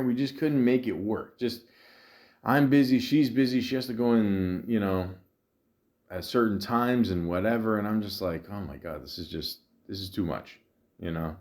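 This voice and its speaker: A man's voice: mid-range voice, a little mellow. A man hosting a podcast, telling a frustrating dating story in a rambling, casual way, full of fillers and quoted back-and-forth. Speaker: podcast host. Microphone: podcast microphone.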